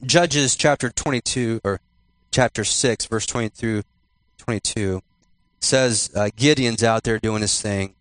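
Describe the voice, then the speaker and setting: A male pastor giving a sermon in church, repeating and slowing down his key phrases for emphasis. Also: on the low side, fairly bright tone, no echo. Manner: repetitive, emphatic preaching with slowed key phrases.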